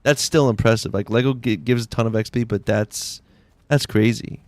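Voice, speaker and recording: A man's voice: mid-range voice, fairly even intonation, normal speed, no echo. A man live-streaming a game, chatting casually in a rambling, slangy way full of "like"s. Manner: laid-back, rambling, slangy with many "like"s. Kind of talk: casual live-stream chat while playing.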